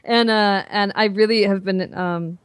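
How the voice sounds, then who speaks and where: A woman with a softened Southern US drawl talks as a podcast guest, rambling and restarting often. Her voice sits at a middle pitch. The recording is dry and close. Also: fairly even intonation, a little slow, dry recording. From American South. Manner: rambling, many fillers and restarts, laughs easily. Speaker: guest, author and fitness coach. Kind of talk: casual podcast interview. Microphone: podcast microphone.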